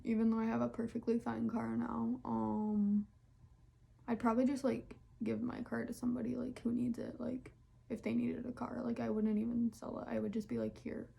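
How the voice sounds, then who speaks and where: A woman's voice: fairly high pitch, gravelly, dark tone, breathy edge. A young woman answering questions in a casual solo vlog, chatty and candid with lots of fillers, sometimes dropping to a near whisper. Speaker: vlogger.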